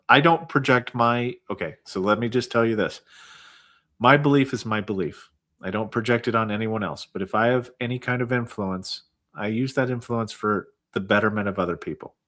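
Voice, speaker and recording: A man's voice: mid-range voice, moderate pace, a bit bright. Man explaining veterans claims, filler-heavy. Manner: explains steadily with many fillers like "I mean" and "like". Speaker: guest, veterans benefits adviser. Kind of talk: casual livestream conversation.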